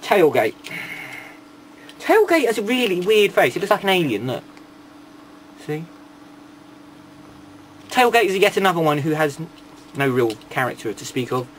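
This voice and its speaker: Guy rambling through a toy review, bit high voiced, sarky asides, faint hiss behind. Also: very animated, moderate pace, long pauses. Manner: rambling, irreverent, sarcastic asides.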